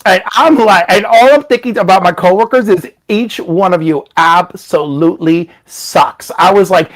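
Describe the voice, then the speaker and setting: A man's voice: sits high, moderate pace, few pauses, low-quality recording. A man hosting a casual stream, telling stories in a chatty way and acting out the voices of the people in them. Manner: animated, acts out voices in his stories. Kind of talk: casual storytelling chat.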